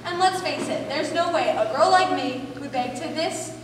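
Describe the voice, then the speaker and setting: A woman's voice: sits high, moderate pace, noisy background, lightly acted. A woman on stage playing a sassy young woman character who mocks and wails melodramatically, heard from far off in an echoey hall. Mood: scornful. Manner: melodramatic wailing, then mocking and blunt. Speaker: stage actor. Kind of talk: amateur stage play performance. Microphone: far room mic.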